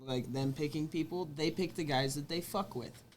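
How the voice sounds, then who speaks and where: A man's voice: fairly high pitch, normal speed. A young adult man co-hosting a casual comedy podcast, swearing freely and talking up a friend. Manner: profane, hyping up a friend. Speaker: podcast co-host.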